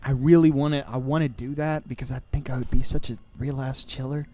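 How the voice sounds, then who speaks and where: In his twenties, this podcast host chats aimlessly over a video game, full of sarcasm and jokes at his own expense. His mellow, mid-range voice moves fairly quickly with fairly even intonation, over a slight hiss or hum.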